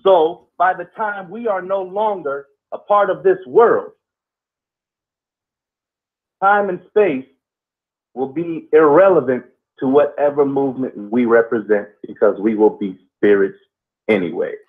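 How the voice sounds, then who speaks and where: A man talks over a tinny, phone-like line. His voice sits fairly high. He muses slowly and deliberately, with long pauses between thoughts. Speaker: podcast co-host. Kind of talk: casual call-in chat and spoken reflection.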